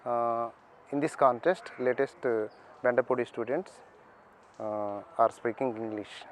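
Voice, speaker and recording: A school head gives an interview statement in a medium-pitched voice with fairly even intonation. He speaks haltingly, with many fillers and restarts, and there's slight background noise.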